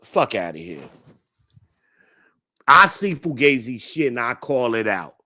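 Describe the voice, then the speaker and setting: A man's voice: medium pitch, sing-song, a little slow, bright, forceful tone. A man from New Jersey hosting a livestream, ranting to his chat in a blunt, profane, combative way. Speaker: livestream host. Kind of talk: ranting live-chat commentary.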